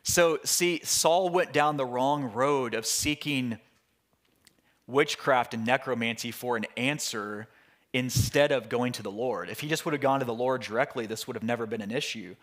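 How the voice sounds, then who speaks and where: A man, a pastor, teaching through a Bible passage in a relaxed, conversational way with frequent restarts and asides. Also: medium pitch, moderate pace.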